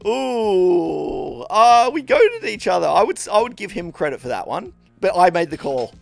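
Man, podcast co-host, casual storytelling, high lively voice, gravelly fry, laughs a lot, swears, stumbles over words. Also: moderate pace, no room sound, soft background music. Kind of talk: casual chat, comic storytelling.

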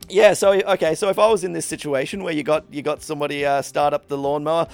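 Young man, casual rambling chat, self-deprecating; fairly high voice with a gravelly edge. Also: fairly even intonation, fast talker, soft background music. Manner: rambling, self-deprecating, acts out little dialogues.

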